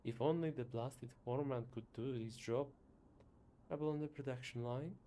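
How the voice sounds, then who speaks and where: A man's voice: mid-range voice, moderate pace, mellow, slight background noise, close to an everyday voice. A man voicing a pompous, greedy factory owner who looks down on his workers and speaks with haughty indignation.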